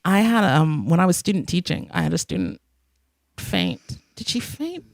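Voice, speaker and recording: A woman's voice: fairly low pitch, lively intonation, normal speed, creaky, no echo. A giggly young woman hosts a casual podcast recap, her voice swinging widely up and down as she rambles and acts out lines. The sound is close and dry, with no room around it. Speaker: podcast host. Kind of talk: casual chat recapping an episode.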